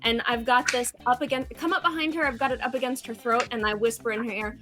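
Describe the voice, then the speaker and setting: Woman, tabletop player, playful, dramatic, bright, slightly high. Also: steady tone, faint music behind. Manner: playful and dramatic, quick laughs. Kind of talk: casual tabletop play.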